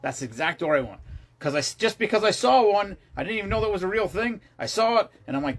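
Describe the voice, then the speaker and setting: A man's voice: sits high, big pitch swings, fast talker, soft background music. A middle-aged man hosting a casual livestream, telling rambling stories in a loose, profane way. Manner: rambling, profane storytelling with laughs. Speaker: livestream host.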